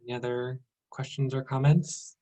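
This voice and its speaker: A man's voice: medium pitch, level tone, normal speed, mellow, low-quality recording. Man moderating a Q&A.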